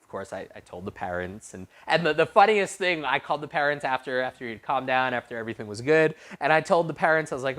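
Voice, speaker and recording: A man preaching to a youth group, telling a story in an animated way with frequent restarts. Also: medium pitch, fast talker, few pauses. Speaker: youth pastor.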